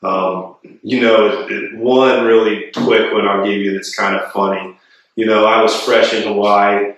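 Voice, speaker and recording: Brief: middle-aged male guest, lowish voice, animated yarn-spinner, cursing, distant mic in a very echoey room. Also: a little slow. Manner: animated storyteller, swears freely. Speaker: podcast guest, retired golf pro. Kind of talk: casual storytelling interview.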